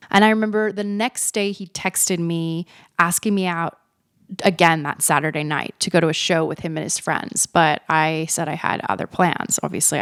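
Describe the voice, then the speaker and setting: A podcast host in her thirties tells her own story in a candid, chatty way, poking fun at herself and cursing without a second thought. Her voice sits on the low side for a woman. The recording is dry, with no room sound around her. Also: clear, resonant tone, no echo. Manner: frank, chatty, self-mocking, swears freely.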